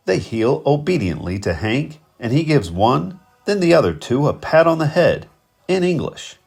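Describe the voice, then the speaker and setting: Husky man narrating a novel. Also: fairly high pitch, moderate pace, faint music behind. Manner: vivid, expressive storytelling. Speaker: audiobook narrator. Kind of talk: first-person novel narration.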